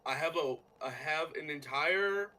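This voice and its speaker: A man narrating as game master of a tabletop game, in a halting way with many fillers and restarts. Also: fairly high pitch, pushed and bright, low-quality recording.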